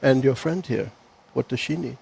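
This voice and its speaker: A man's voice: medium pitch, normal speed, vocal fry, darkish tone, breathy edge, heavily acted. A man voicing a sleazy male bar owner and shady dealer in a tabletop game, who slips "man" into his lines. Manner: slangy, drops "man" into lines.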